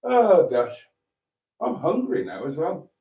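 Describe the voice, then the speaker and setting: A man's voice: a little high, wildly swooping pitch, slow, warm tone. A man from Britain hosting a live stream, chatting casually and rambling between jokes. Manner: rambling, jokey, theatrical.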